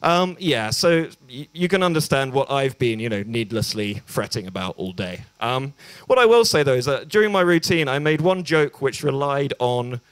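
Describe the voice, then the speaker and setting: Young English male comic, awkward and self-mocking, mid-pitched, stumbling delivery, close dry recording. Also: big pitch swings, normal speed, few pauses, no room sound. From England. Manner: hesitant and self-deprecating, many ums and restarts. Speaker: stand-up comedian. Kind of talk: stand-up set at an open mic. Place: small bar venue.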